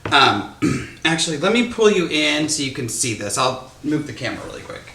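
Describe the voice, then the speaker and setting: A man's voice: a little high, sing-song, normal speed, bright, forceful tone, roomy sound, slight background noise. A man hosting a casual quilting tutorial, chatty and self-deprecating, talking through each step with fillers as he works with his hands. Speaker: quilting teacher, host. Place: sewing room, indoors. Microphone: microphone close to his face.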